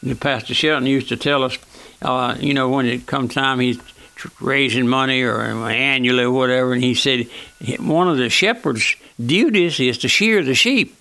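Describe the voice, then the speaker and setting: A man preaching a sermon on the radio in a plain, folksy, earnest manner, often calling out to his listeners as friends and slowing down for scripture. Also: mid-range voice, bright, forceful tone, no room sound. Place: church auditorium.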